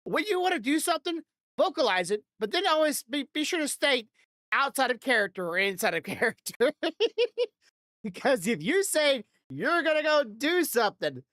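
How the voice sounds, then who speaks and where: A woman's voice: high voice, sing-song, moderate pace, fairly bright tone, no echo, studio quality. A woman hosting a podcast in loose, rambling casual chat, swearing freely and laughing often into a desk microphone. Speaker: podcast host.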